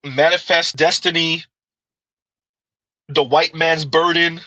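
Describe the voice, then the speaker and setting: A man's voice: a little high, fairly even intonation, slow, sharp tone, no echo, dull audio. A man giving casual livestream commentary, arguing his point with pointed rhetorical questions and reading chat comments aloud.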